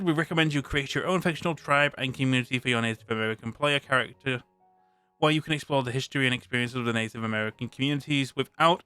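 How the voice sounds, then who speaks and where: A British man reads a tabletop rulebook aloud on his stream, stopping to restart words and chat between sections. His voice is bright and crisp. It sits close and dry on the mic, with faint music playing underneath. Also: medium pitch, dry recording. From Britain. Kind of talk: live-stream rulebook read-through.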